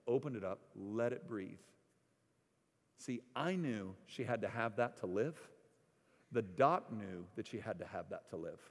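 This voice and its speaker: A middle-aged man preaching a sermon, telling stories with lively swings from loud bursts to hushed, quiet prayer. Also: fairly low pitch. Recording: long hall reverb.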